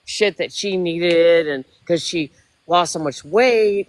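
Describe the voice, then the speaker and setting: A woman's voice: lowish voice, takes it slowly, no echo, poor audio. Older woman, 60s, emotional rambling storyteller, dry recording. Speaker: guest. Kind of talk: casual chat.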